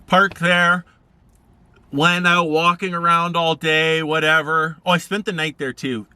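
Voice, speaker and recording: A man's voice: little pitch movement, a little slow, bright, forceful tone, smooth, no echo. Laid-back rambling man vlogger. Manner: rambling, laid-back, acts out quoted people in higher voices. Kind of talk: casual storytelling.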